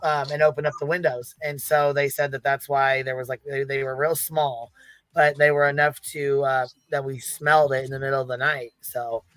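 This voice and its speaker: A woman hosting a livestream, chatting casually and telling a story in a relaxed, agreeable way. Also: rumbling low, normal speed, dry recording. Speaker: livestream host.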